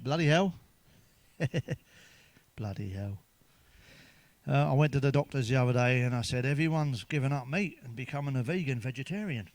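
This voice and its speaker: A man's voice: medium pitch, no room sound. A man telling crude jokes in a sweary monologue, chuckling at his own punchlines. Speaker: stand-up comedian.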